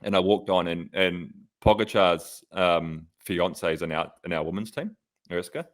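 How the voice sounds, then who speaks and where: A man's voice: low-pitched, moderate pace. A man on a casual podcast, telling a rambling story, swearing freely and mimicking others. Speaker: podcast co-host, pro cyclist. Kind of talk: casual chat, anecdotes.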